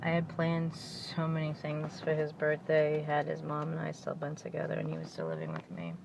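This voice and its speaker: A woman's voice: low-pitched, moderate pace, gravelly. A woman talking in a personal video diary, speaking in a heartfelt way as she fights back tears. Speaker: vlogger. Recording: dull lo-fi audio with loud vehicle noise.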